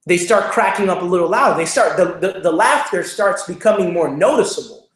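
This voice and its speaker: A man's voice: sits high, expressive, a little fast, a bit bright, reverberant. A young man hosting a show, telling a motivational personal story in an earnest, repetitive way with many fillers. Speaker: show host, speaker.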